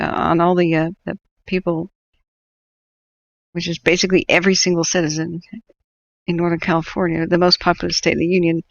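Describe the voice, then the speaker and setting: Sardonic woman with a gravelly voice. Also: fairly low pitch, highs cut off. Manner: sardonic, laughs often, rambling. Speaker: wildfire-tracking livestream host. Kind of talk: live stream commentary.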